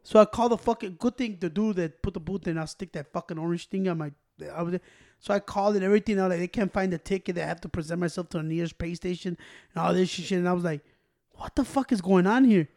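A man's voice: high voice, fairly even intonation, fast, darkish tone. A man telling a heated, profane story in casual podcast chat, now and then switching into Spanish. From Chicago area.

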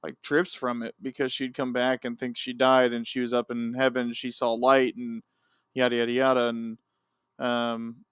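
A man's voice: medium pitch, little pitch movement, moderate pace, fairly bright tone, smooth, dry recording, clean studio sound. A man co-hosting a podcast in casual chat, laid-back and recounting stories at length. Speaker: podcast co-host.

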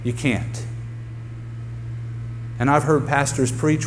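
A man's voice: mid-range voice, normal speed, darkish tone. A male pastor preaching a sermon to his congregation, emphatic and repeating key phrases for effect. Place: church sanctuary with a congregation. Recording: long hall reverb with faint hum.

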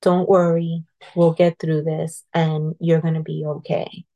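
A woman quoting a kind nun who speaks softly and reassuringly. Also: low-pitched, level tone, a little slow, muffled recording. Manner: soft, reassuring.

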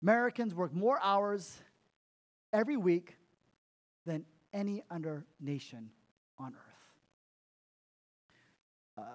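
Emphatic man preaching a sermon. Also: sits high. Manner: emphatic, repeats words, laughs at himself. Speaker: pastor.

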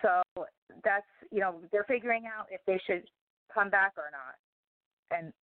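A woman's voice: medium pitch, a little slow, dry recording. A woman guest on a talk show, speaking in a meandering, emphatic way with many fillers. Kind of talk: casual rambling conversation. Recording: tinny phone-line audio, dry.

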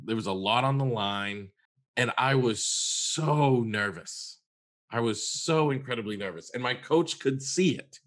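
A man's voice: medium pitch, a little slow, fairly bright tone. An earnest man in a mid-range voice, talking as a therapist on a podcast. He tells his story conversationally and leans on repeated words for emphasis.

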